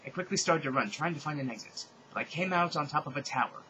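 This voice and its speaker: Man, comedic dramatic reading, deadpan asides, bright voice, very lively. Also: a little high, fast talker, dull audio, a little hiss or hum. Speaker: fanfic reader.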